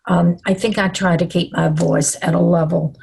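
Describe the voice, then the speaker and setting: Older Southern-accented woman, webinar presenter, slow calming cadence, slightly husky. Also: on the low side. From American South. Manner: slow, calm, reassuring.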